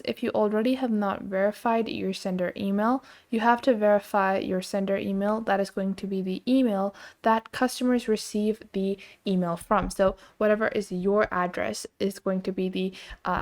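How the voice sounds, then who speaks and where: A woman hosting a screen-recorded software tutorial, explaining each step casually and with filler words. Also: medium pitch, fairly even intonation, moderate pace, hardly any pauses. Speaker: tutorial host.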